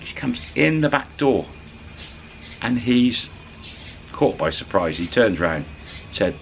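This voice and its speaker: A man casually retelling a story to camera, animated and colloquial, slipping into the voices of the people in it. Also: medium pitch, slow, vocal fry, pauses often, dull audio, a little hiss or hum. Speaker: channel storyteller.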